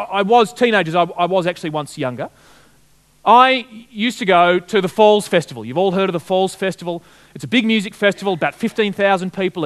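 A man preaching from the pulpit, his voice sitting high and swinging widely in pitch. He works as a storyteller, pausing to put questions straight to the congregation. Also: a bit bright. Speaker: pastor. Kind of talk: sermon.

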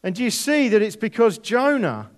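A man preaching a sermon, reading scripture aloud and explaining it with deliberate, dramatic emphasis. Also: high voice, sing-song. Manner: slow, deliberate, dramatic drops to near whisper on key words.

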